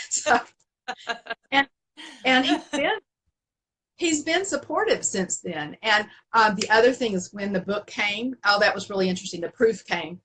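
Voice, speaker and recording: Middle-aged woman guest, bright husky voice, lively storyteller who laughs a lot. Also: medium pitch, a little slow, pauses often, poor audio. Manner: animated, laughs often, many restarts and fillers. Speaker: author, interview guest. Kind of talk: casual storytelling in an interview.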